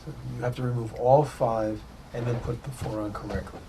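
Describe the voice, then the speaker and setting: A man taking part in a religious study class, working through a point out loud and phrasing it tentatively. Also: mid-range voice, steady tone, fairly quick, husky, low-quality recording. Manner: thinks aloud, tentative questions. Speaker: student in the class. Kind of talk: class discussion.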